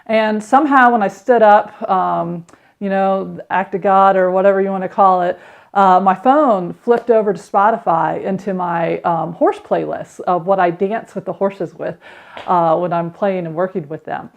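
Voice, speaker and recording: A woman's voice: mid-range voice, creaky, lo-fi sound. Woman host in her 30s, candid reflective storytelling, pretty open about her own life. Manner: candid, reflective, with quick acted quotes. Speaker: podcast host. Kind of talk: personal storytelling.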